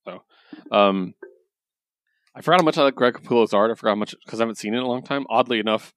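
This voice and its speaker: A man co-hosting a podcast in casual comic book chat, relaxed and hedging with lots of likes and ums. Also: mid-range voice, fast, no room sound. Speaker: podcast co-host.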